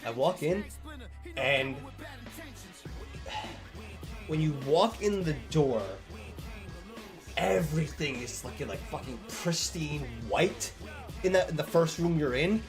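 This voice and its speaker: A man's voice: on the high side, a little slow, over music. A young man casually telling a long story on stream, rambling and swearing a lot, acting out the lines of the people in it.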